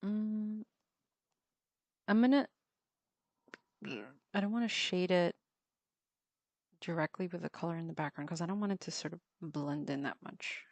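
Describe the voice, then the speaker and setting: Female streamer, low voice, casual drawing talk, mutters corrections to herself, dry close mic. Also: unhurried, long pauses, darkish tone, no echo. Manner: muttering to herself while working, self-correcting.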